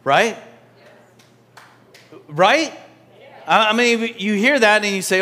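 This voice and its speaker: A male pastor preaching in church with a bright, somewhat high voice. He talks slowly and casually to his congregation, with restarts and asides. He swings from loud emphasis to soft, near-whispered lines. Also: lively intonation. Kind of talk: sermon.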